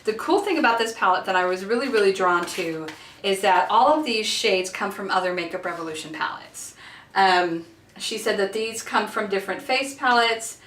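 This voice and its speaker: A woman in her thirties who has children, excitedly unboxing makeup in a casual vlog recorded in her bathroom, gushing with lots of fillers. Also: mid-range voice, moderate pace, a little hiss or hum. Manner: giddy and gushing, with many fillers. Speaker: beauty vlogger. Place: home bathroom. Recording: echoey bathroom, mic a bit far off.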